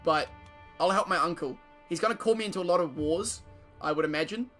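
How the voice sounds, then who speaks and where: A man with a slightly higher voice gives loose, profane commentary over a strategy game, joking to his viewers and reading events aloud. Faint game music plays softly behind him. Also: fairly quick. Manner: casual, profane, joking banter with frequent laughter. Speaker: streamer. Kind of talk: gameplay commentary.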